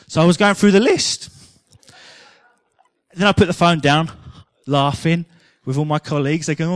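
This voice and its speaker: Man preaching, high voice, dry close sound, chatty with jokes and stories. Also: normal speed, no echo. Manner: chatty storytelling with humour. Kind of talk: sermon.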